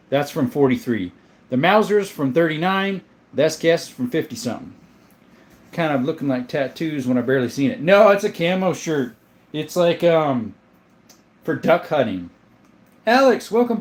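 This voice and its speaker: A man casually hosting a livestream, chatting and greeting viewers by name as he reads the chat. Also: on the high side. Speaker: livestream host reading chat. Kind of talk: casual live-chat talk.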